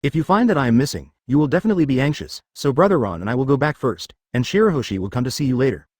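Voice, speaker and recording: A man reading the lines of a gentle, grateful young mermaid princess in a dry synthetic voice. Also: medium pitch, animated, very fast, no echo, lightly acted.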